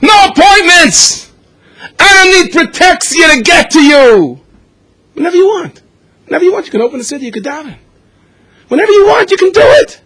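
A man voicing a desperate father who cries out loud in prayer, shouting and pleading in a much higher voice. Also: big pitch swings, fairly quick, pauses often, full character voice, low-quality recording.

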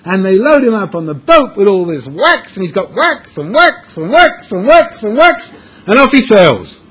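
A man's voice: high-pitched, very animated, normal speed, fairly bright tone, breathy edge. A man telling a dramatic story as a sermon to a room of young men, repeating words for emphasis. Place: room with an audience.

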